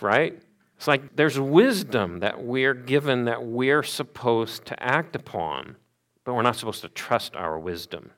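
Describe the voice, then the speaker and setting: A man preaching a sermon, telling stories with animated asides and rhetorical questions. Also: medium pitch, normal speed. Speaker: pastor.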